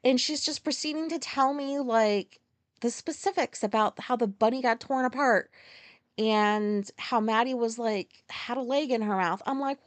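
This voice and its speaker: A woman's voice: a little high, unhurried, no room sound. Swearing, ranting woman podcaster. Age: 40s. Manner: candid, swears freely, ranting storyteller. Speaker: podcast host. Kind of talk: casual solo podcast chat.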